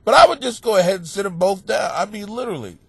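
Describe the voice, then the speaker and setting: A man hosting a comedy advice podcast, stuffed up and sniffling, rambling crudely and mocking himself with sudden loud outbursts, recorded in a home basement. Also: high voice, quick pace, gravelly, husky, no echo. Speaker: podcast host giving advice.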